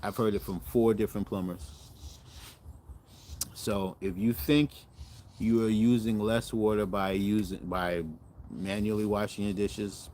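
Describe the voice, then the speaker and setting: A man's voice: lowish voice, steady tone, measured pace, long pauses, darkish tone, a little hiss or hum. A middle-aged man hosting a cooking channel, chatting casually to viewers in a rambling, self-correcting way and animating his stories.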